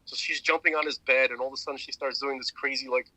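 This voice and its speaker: Bright, rambling man telling a story. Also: medium pitch, fairly even intonation, quick pace, dry recording, rough recording. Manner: rambling storyteller, many fillers and restarts. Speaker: podcast co-host. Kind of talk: casual chat.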